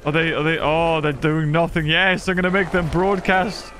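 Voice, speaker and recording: A man's voice: a little high, level tone, moderate pace, noisy background. A British man hosting a casual let's-play, playful and giggly. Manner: giggly, playful, often laughing. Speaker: gaming channel host. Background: game music.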